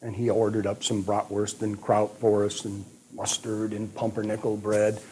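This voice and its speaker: An older American man, a retired history professor, recounting a past trip in a measured, detailed storytelling way. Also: on the low side, monotone, darkish tone, a little hiss or hum. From United States. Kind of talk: reminiscing storytelling.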